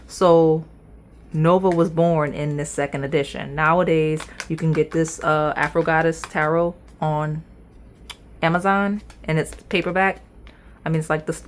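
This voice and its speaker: A woman's voice: deep voice, a little hiss or hum. A woman reading tarot cards in a chatty, playful way, talking straight to her viewers. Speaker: tarot reader. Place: indoors at a table.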